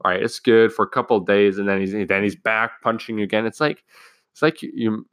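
In a dry recording, a student with a lowish, clear and resonant voice and a fairly bright tone chats on his own at a brisk clip. The teen rambles profanely through a story about school, starting over again and again.

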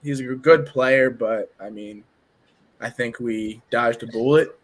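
A man's voice: mid-range voice, slow pace. A man in a casual sports podcast chat, hesitant with many fillers.

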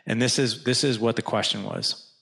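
Speaking at normal speed, this man has a medium-pitched voice with vocal fry. He founded a fathers' organization and, as a podcast guest, recounts his story animatedly, acting out quotes amid many restarts and "like" fillers.

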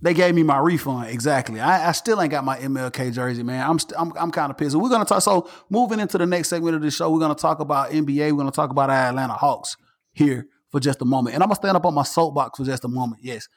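A man hosting a casual sports podcast, animated and ranting, repeating himself. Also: fairly high pitch, quick pace. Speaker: podcast host.

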